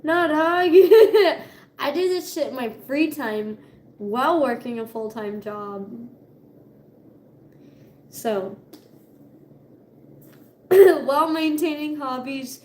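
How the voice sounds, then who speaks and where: High-voiced chatty young woman vlogging. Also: very slow, pauses often, darkish tone. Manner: chatty, swearing, laughing often. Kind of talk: casual chat. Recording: echoey room with faint ambience.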